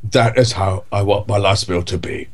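A man doing a comic impression of an older film star, with a slow, clipped drawl. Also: lowish voice, fairly even intonation, close to an everyday voice. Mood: smug relish. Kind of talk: comic impression in casual chat.

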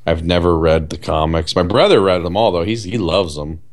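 A man co-hosting a casual movie chat, blunt, sarcastic and quick to swear. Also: sits low.

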